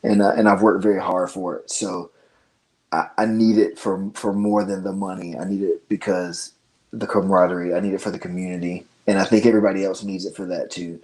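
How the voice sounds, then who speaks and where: A man's voice: low-pitched, level tone, a little fast, a little mellow, low-quality recording. A man speaking as a guest on a casual podcast, earnest and easygoing. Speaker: guest, gym owner.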